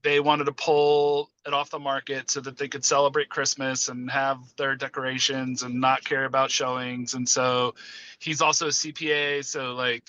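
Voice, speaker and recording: A man who works as a real estate agent, telling a class about a deal in a relaxed storytelling way. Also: mid-range voice, normal speed, muffled recording.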